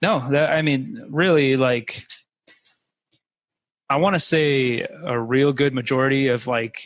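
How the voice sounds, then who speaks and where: A man's voice: mid-range voice, steady tone, slow pace, fairly bright tone, no echo, rough recording. Rambling man telling a story, dry sound. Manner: rambling, lots of fillers like "like" and "you know". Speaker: guest. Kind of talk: casual conversation.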